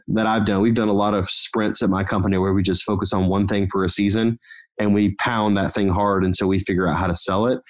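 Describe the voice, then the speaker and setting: A man talking as a podcast guest and company founder, telling stories in an energetic, motivational way. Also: lowish voice. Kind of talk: casual podcast conversation.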